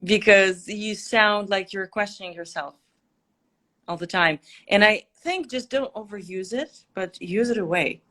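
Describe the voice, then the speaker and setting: A woman's voice: mid-range voice, unhurried, bright, forceful tone. Confident woman with a Russian mother tongue. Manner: confident, explanatory, teacherly. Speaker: guest linguist and accent coach. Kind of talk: livestream interview.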